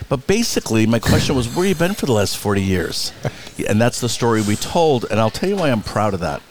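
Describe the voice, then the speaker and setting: A man being interviewed, telling theater anecdotes in a blunt, animated way, acting out other people's lines and swearing freely. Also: medium pitch, fast talker. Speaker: Broadway producer and director, guest. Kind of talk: casual interview storytelling.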